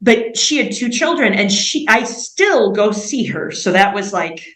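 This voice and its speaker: A woman's voice: mid-range voice, animated, unhurried, a bit bright, echoey room, rough recording. A woman in her forties, an interview guest telling stories casually and laughing often at herself. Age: 40s. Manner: laughs often, self-mocking.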